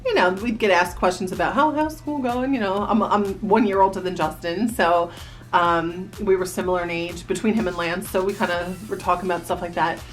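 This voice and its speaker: With faint music playing behind her, a New Jersey vlogger in her thirties talks briskly to the camera in a lowish voice. Her storytelling is casual and chatty, an animated bit of reminiscing that includes quoted voices.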